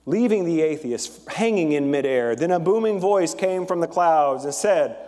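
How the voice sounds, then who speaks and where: A man gives a relaxed, chatty sermon from the pulpit, slipping in fillers and telling jokes with animated energy. His voice sits a little high for a man. The sound rings with the long reverb of a large church hall. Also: normal speed. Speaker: pastor.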